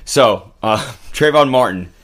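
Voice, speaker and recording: A man's voice: mid-range voice, expressive, takes it slowly, fairly bright tone. Blunt, profane man commentator. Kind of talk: casual political commentary.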